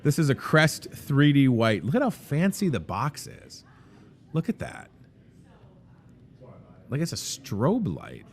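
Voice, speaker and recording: A man's voice: mid-range voice, huge pitch swings, slow pace, pauses often. Chatty guy hosting a store promo, voice bouncing up and down a lot, goofy and upbeat. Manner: jokey, rambling, upbeat. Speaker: store show host. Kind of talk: casual live promo chat. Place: inside a grocery store.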